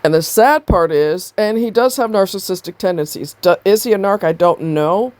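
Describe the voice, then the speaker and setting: A woman's voice: mid-range voice, normal speed, darkish tone, dry recording. Exasperated woman ranting, blunt and profane. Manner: blunt, exasperated, swears freely. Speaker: commentator reacting to a video. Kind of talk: ranting commentary.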